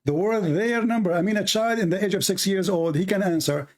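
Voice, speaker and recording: High-voiced man grilling a caller. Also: a little fast. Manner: interrogating, repeats questions, interrupts. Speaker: show host. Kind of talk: heated call-in debate.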